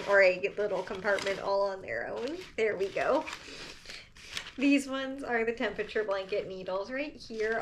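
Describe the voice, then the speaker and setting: A woman's voice: medium pitch, slight background noise. A young woman vlogging casually at home about her knitting, chatty with plenty of fillers and little laughs. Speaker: crafting vlogger. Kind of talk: casual vlog chat.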